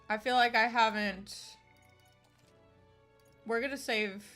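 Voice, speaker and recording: A woman's voice: fairly high pitch, fairly even intonation, takes it slowly, long pauses, a bit bright, soft background music. A young woman streaming a video game, chatting casually and rambling with lots of fillers. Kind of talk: casual game livestream chat.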